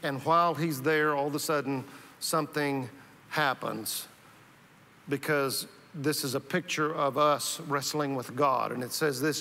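A man's voice: mid-range voice, fairly even intonation, unhurried, gravelly, pushed and bright. A male pastor preaching a sermon in a conversational way, often restarting and repeating words. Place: church sanctuary. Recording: reverberant church hall.

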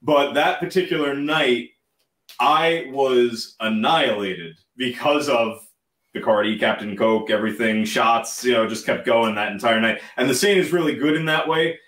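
A man at an ordinary pitch tells a band story in a loose, rambling way, laughing along with it. His voice rings around an echoey room. It sounds like a relaxed, casual chat. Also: moderate pace, recorded from a distance. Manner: rambling, laughs while recounting. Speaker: band member guest.

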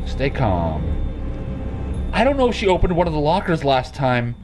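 A man's voice: on the high side, sing-song, quick pace, over music. A man hosting a horror game video, rambling and joking nervously as he plays. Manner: rambling, jokey, jumpy and nervous. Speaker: gaming video host. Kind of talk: casual let's play commentary.

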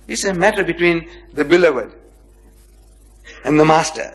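A man's voice: a little high, lively intonation, measured pace, poor audio. A man giving a religious lecture, reading verses and explaining them with dramatic emphasis and rhetorical questions. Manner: dramatic, rhetorical questions, acts out quoted speech; swings between loud emphasis and near-whispered asides.

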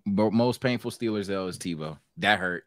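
A man co-hosting a podcast, talking sports in an excitable, profane way. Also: moderate pace, no room sound, studio quality. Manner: excitable, profane, jumps up in pitch. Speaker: podcast co-host. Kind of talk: casual sports chat.

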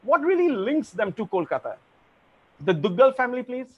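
A man's voice: extremely high pitch, very animated, normal speed, lo-fi sound. A man hosting an online family quiz over a video call, formal and polite, calling players sir. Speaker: quizmaster.

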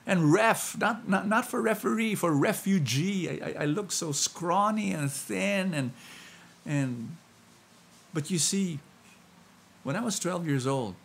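Filipino guy preaching, husky gravelly voice, pitched a bit high, jokes about himself. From Philippines. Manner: swings from hushed and slow to loud and excited, self-mocking humor. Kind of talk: sermon.

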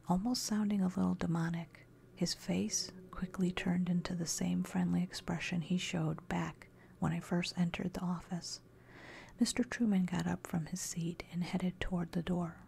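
A woman narrating a scary story in a soft, steady whisper. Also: on the low side, creaky, slight background noise.

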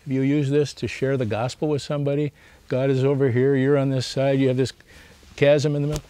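A man's voice: medium pitch, brisk, clear, resonant tone. A male pastor giving a seminary lecture, reading a story aloud and asking his listeners rhetorical questions. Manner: animated, asks the class rhetorical questions.

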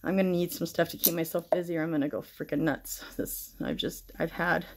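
A woman's voice: fairly low pitch, fairly even intonation, fairly quick, slight background noise. A middle-aged woman chatting casually through a makeup tutorial, rambling and swearing freely while shaken and stressed. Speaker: makeup vlogger.

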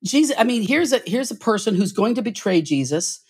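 A man with a husky voice talks as a podcast guest, earnest and preachy. He restarts his phrases often and climbs higher in pitch when a point moves him. His delivery is heartfelt and insistent. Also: sing-song, brisk. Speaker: podcast guest, church author. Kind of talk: podcast interview.

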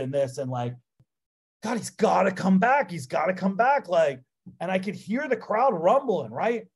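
A man being interviewed as a guest, telling stories in a casual, animated way with lots of "like" fillers. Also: a little high, breathy edge. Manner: animated, filler-heavy with frequent "like". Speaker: interview guest, pro wrestler. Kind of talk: casual anecdotal storytelling.

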